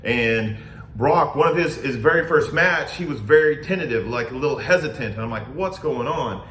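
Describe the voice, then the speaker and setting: A man in his thirties with a mid-range voice tells a steady, earnest story on a podcast. His voice bounces around an echoey room. He speaks plainly and evenly. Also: medium pitch, fairly quick, slight background noise. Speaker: podcast co-host and youth wrestling coach. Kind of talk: casual chat.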